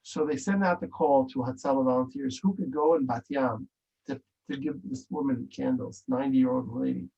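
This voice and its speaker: A man's voice: mid-range voice, fairly even intonation, normal speed, creaky, warm tone, breathy edge. A man telling a story in an interview, emphatic and repeating phrases. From Israel. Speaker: interview guest. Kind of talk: storytelling in conversation. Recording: dull lo-fi recording.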